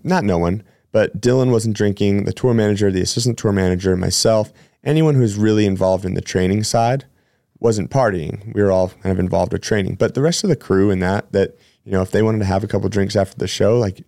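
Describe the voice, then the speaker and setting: With a low, creaky voice and a darkish tone, a man hosts a podcast, a personal trainer telling chatty, meandering stories in a casual way and frequently correcting himself. The recording is studio quality with no echo.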